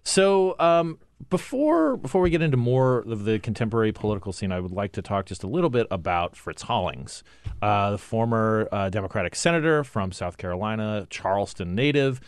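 A man's voice: fairly low pitch, animated, clear, resonant tone, no echo. A man guest-hosting a political talk show in the studio, chatting casually with lots of restarts and fillers. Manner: halting, many restarts and fillers. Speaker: guest host. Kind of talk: casual podcast chat. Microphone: studio mic.

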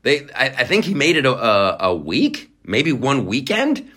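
A man's voice: mid-range voice, huge pitch swings, measured pace, pushed and bright, husky. A man hosting a podcast, delivering a profane, sarcastic political rant and mocking other people in put-on voices. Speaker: podcast host. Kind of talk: ranting political commentary.

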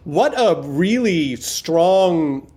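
A male podcast host talking in relaxed, casual chat. He sounds earnest and repeats himself as he thanks listeners. When the talk turns to jokes, he riffs with animated energy. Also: on the high side, very slow, breathy edge. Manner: earnest, rambling with repeated words; animated riffing, jokey.

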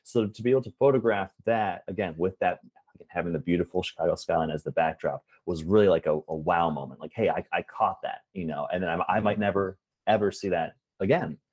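A man answering interview questions in an earnest, measured way, explaining his hobby with frequent ums and uhs. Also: low voice, a little mellow, breathy edge, poor audio. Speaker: guest, preservationist and rail fan.

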